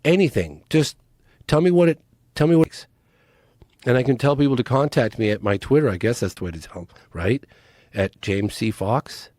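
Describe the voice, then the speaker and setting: A documentary filmmaker, appearing as a podcast guest, presses his case in casual interview talk, making earnest, urgent, pleading appeals. His voice is medium in pitch and a little mellow, his pace moderate, with no echo.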